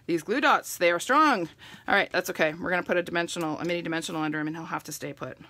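A woman's voice: fairly low pitch, fast, pushed and bright, no echo. A middle-aged woman giving a chatty live crafting demonstration and greeting viewers by name as she works. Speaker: stamping demonstrator.

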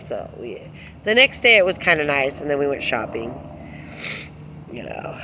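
A middle-aged woman chats straight to camera in a bright, forceful voice, rambling from one story to the next. She laughs often as she talks and swears without a second thought. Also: low-pitched, very animated, moderate pace, pauses often, dull audio, a little hiss or hum. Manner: giggly, laughs often while telling stories. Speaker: vlogger.

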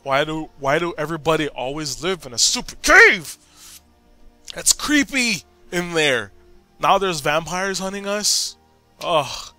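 Man doing gameplay commentary, bright voice, unhurried talk, excitable and jokey, faint game music behind. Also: on the high side. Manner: excitable, jokey, talks back to game characters.

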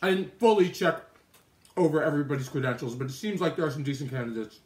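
Talking at a quick pace in a voice on the high side, a man eats on his live stream and chats casually through mouthfuls, responding to viewer comments. The room, an indoor kitchen with an oven and microwave, is echoey.

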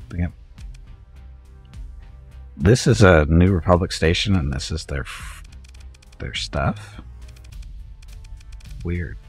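A man streaming a strategy game, telling a rambling home story with frequent chuckles, then talking through his moves. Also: deep voice. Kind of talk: casual gameplay chat.

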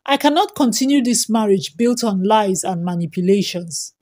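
A woman's voice: mid-range voice, normal speed, natural voice. Woman voicing a firm young wife. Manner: calm but firm, pleading.

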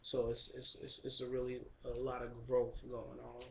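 A young man giving a relaxed, rambling video update, full of fillers and shout-outs. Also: medium pitch, moderate pace, gravelly, slight background noise. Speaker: vlogger. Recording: dull lo-fi camera recording.

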